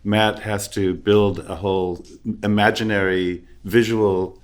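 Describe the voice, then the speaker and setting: A man with a lower voice works as a sound supervisor and joins a podcast conversation. He chimes in with an amused tone. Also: little pitch movement, slow.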